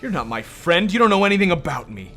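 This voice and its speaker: Reina, a man doing a shrill, paranoid young woman. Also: very animated, fast, a bit bright, faint music behind. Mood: frantic. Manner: frantic, accusing. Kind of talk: reading game dialogue aloud.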